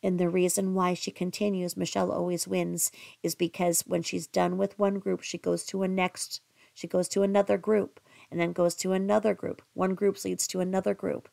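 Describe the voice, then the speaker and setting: A woman's voice: on the low side, level tone, moderate pace, gravelly, dark tone, no echo. A woman hosting a livestream commentary, speaking emphatically and repeating herself for effect. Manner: emphatic, repetitive, reads chat aloud. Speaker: commentary channel host.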